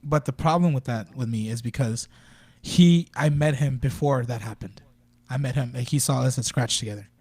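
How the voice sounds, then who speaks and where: A man's voice: medium pitch, moderate pace, darkish tone, breathy edge, no echo. A young man talking casually on a podcast, telling a rambling, profane story full of fillers. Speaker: podcast guest. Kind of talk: casual chat.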